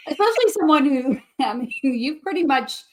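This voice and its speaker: A woman's voice: high-pitched, animated, unhurried. A woman from Kentucky cohosting a comedy podcast, chatting casually and laughing through her stories. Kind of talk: casual chat, storytelling.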